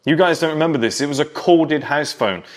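A man's voice: fairly high pitch, a little fast. A man in his thirties talking casually to camera, reminiscing and lecturing younger viewers about how things used to be. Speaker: vlogger.

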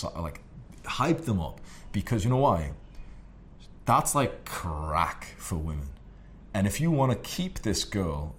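Deep-voiced brash man giving dating advice. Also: a little hiss or hum. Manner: brash and profane, with many fillers. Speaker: dating coach. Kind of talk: casual advice monologue.

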